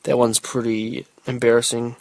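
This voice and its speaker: A man's voice: mid-range voice, completely flat delivery, normal speed, no echo. A young man hosting his solo podcast in a rambling, laid-back way, full of ums and loose asides. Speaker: podcast host. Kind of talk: casual solo podcast chat.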